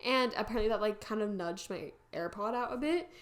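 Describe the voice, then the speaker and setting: A young woman co-hosting a podcast, chatting casually and telling animated stories with laughter. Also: mid-range voice, a little fast. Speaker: podcast co-host. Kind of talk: casual fan chat.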